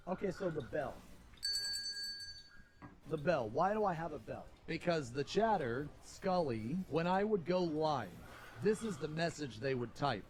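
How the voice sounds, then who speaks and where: Animated, higher-voiced man streaming. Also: unhurried, a little hiss or hum. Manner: animated storytelling, swears freely. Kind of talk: casual live-stream chat.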